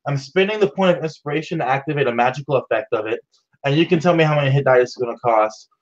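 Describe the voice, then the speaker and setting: A man's voice: mid-range voice, fast. Male player, enthusiastic scene-setter, muffled lo-fi recording. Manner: vivid, enthusiastic scene-setting. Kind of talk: describing his character's actions in a tabletop game.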